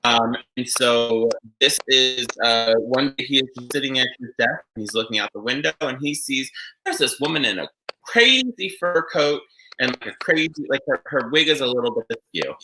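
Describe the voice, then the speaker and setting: A man hosting a casual chat podcast, telling stories in a rambling, animated way. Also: medium pitch, normal speed, a little hiss or hum, low-quality recording. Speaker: podcast host.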